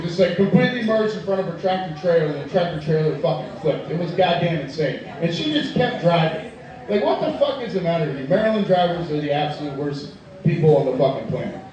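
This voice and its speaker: A man performing a profane stand-up comedy set in a tavern, telling loud rants and chatting with the crowd. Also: high voice. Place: tavern stage. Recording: echoey room from far off.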